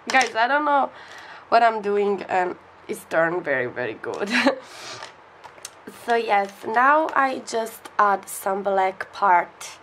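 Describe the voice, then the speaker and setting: A young woman with an Italian accent, an artist chatting excitedly through an unboxing vlog, gasping and giggling often in non-native English. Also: medium pitch, slow, a little hiss or hum. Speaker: artist reviewing art supplies.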